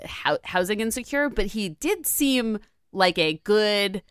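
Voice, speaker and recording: A woman co-hosting a casual podcast, upbeat and animated, quoting herself in funny asides. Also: medium pitch, unhurried, smooth, no echo, clean studio sound. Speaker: podcast co-host. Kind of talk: casual chat.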